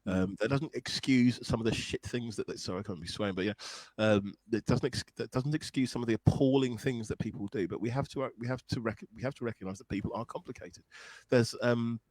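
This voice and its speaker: A man's voice: mid-range voice, brisk, few pauses, a little mellow, dry recording, rough recording. A man, a guest songwriter and blues musician, talking thoughtfully and earnestly in a conversation. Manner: earnest, thoughtful, searching for words. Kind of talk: reflective conversation.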